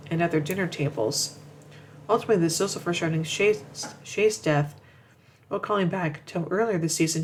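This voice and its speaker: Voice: mid-range voice, a little hiss or hum, rough recording. A commentator reading a narration from notes, often stumbling, repeating words and restarting sentences. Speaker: show commentator.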